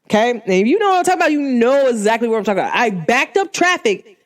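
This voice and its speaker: Casting note: a woman host with a slightly high voice and very lively pitch, emphatic storyteller. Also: quick pace. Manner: animated, emphatic, punctuates with "boom". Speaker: podcast host. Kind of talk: storytelling monologue.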